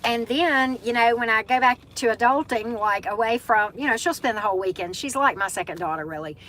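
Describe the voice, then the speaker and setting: A middle-aged woman from the Southern United States, speaking with a Southern US accent, hosts a casual live-stream chat, greeting viewers by name and using lots of fillers. Her voice is a little high and a bit bright, and she talks fairly quickly on a rough recording.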